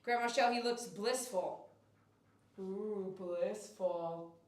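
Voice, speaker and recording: A woman with a medium-pitched voice speaks slowly while livestreaming casually from her grooming shop. She's a dog groomer who reads viewers' comments aloud and coos baby talk to a dog. Her mic is set at a distance in an echoey room.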